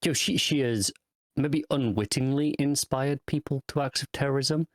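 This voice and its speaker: A man's voice: mid-range voice, normal speed, dry recording, clean studio sound. A man co-hosting a podcast who discusses a TV episode in a casual, thoughtful way, often hedging his points. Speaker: podcast co-host. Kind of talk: casual TV review chat.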